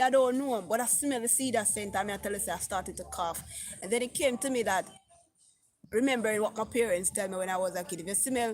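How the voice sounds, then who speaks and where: A middle-aged woman with a Jamaican accent, chatting on a live stream and reading viewer comments aloud. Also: a little high. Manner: chatty, reads comments aloud, mixes patois. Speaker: vlogger. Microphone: phone.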